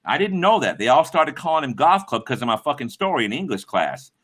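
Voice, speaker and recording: A man's voice: mid-range voice, very animated, brisk, fairly bright tone. A middle-aged man hosting a livestream, telling rambling, profane stories to his chat and acting out the voices of the people in them. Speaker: livestream host. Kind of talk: casual storytelling to a live chat.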